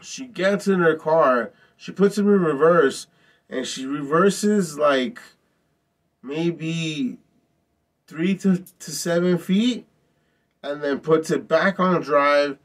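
A man's voice: on the high side, slow pace, far from the mic. A man vlogger telling a story in a casual, profane, rambling way, repeating himself often. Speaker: vlog host.

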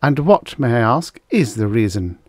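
A man's voice: mid-range voice, very animated, normal speed, darkish tone, dry recording, clean studio sound. A man voicing an indignant, defensive middle-aged housewife who snaps back sharply. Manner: indignant, snappish.

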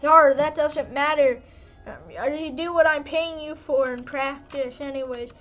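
Girl-voiced narrator doing a bossy pirate fox boss, high voice, drawls it out slow, yar every line. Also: fairly even intonation, fairly bright tone, dull audio, faint music behind. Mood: gruff.

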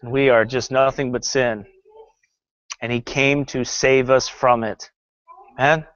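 A man's voice: medium pitch, fairly even intonation, measured pace, a bit bright, dry recording, highs cut off. A male pastor preaching a sermon that critiques a film, fervent and sarcastic by turns, often reading scripture aloud.

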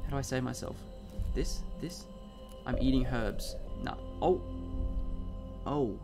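A young man giving excitable, sweary let's-play commentary, quick to panic. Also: medium pitch, gravelly, music in the background. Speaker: gaming YouTuber.

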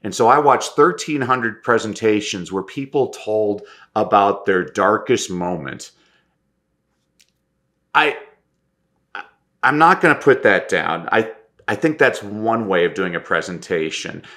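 A man telling stories as a podcast guest and presentation coach, animated and acting out quoted lines, often restarting words as he talks. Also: lowish voice, a little slow, long pauses. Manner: lively, stammers restarts, acts out quotes. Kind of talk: animated anecdotal storytelling.

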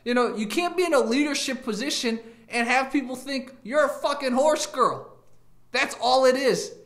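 A man's voice: extremely high pitch, normal speed, a bit bright, echoey room. A man hosting his own channel, rambling through a casual rant to camera and laughing at his own jokes with crude asides. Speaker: YouTube channel host.

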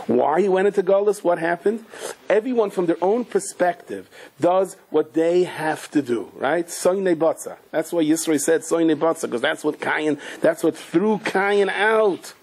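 A man, a rabbi, teaching a Torah class as an animated storyteller who asks his listeners questions. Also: a little high, measured pace, husky.

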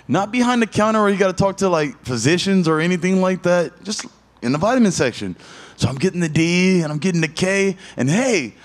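Man, 30s, fighter at media day. Casual, profane, animated storyteller. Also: sits high, a little fast. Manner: loose, profane storytelling with animated voiced asides.

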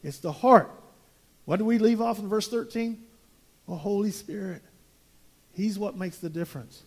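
A man's voice: high-pitched, normal speed. A man preaching a verse-by-verse sermon as pastor, emphatic and prone to repeating words as he builds his point.

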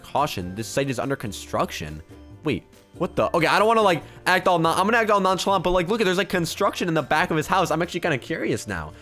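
A young man narrating a video game with an animated, bouncing pitch that sits a little high for a man. He swings from hushed muttering to sudden shouts. Faint music plays under his voice. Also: rapid-fire. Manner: excitable, jumps between hushed and shouting. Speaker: gaming YouTuber. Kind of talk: excited gameplay commentary.

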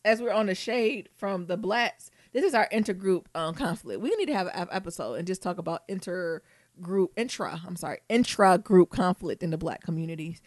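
A woman co-hosting a podcast, chatting casually in an animated, swearing, playful and teasing way. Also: lowish voice, a little fast, dry recording, studio quality. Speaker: podcast co-host. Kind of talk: casual chat.

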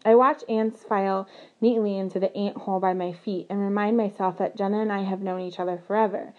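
A woman narrating a novel in the first person, with an earnest, steady delivery. Her voice sits at a middling pitch for a woman. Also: fairly quick, phone-quality sound. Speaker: audiobook narrator.

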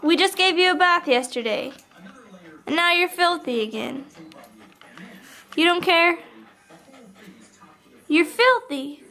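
A woman's voice: very high voice, expressive, slow, long pauses, pushed and bright. A young woman vlogging casually, cooing to her puppy in a sing-song voice. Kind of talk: casual vlog chat.

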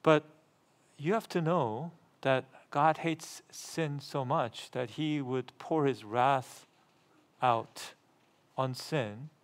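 Middle-aged male pastor, preaching emphatically, repeats words, mid-range pitch. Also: drawn-out words. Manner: emphatic, repeats phrases, asks the congregation rhetorical questions; gets louder and higher when reading scripture aloud. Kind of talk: sermon.

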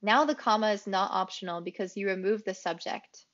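A woman English teacher explaining grammar rules in a clear, explanatory way, repeating key phrases for emphasis. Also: mid-range voice, a little fast, a bit bright, highs cut off. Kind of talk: grammar lesson.

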